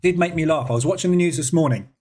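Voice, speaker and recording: A man's voice: on the high side, very fast, a little mellow. A man hosting a live trading stream, chatting casually and thinking aloud with many fillers while he reads and answers viewers' messages. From United Kingdom. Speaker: trading room host.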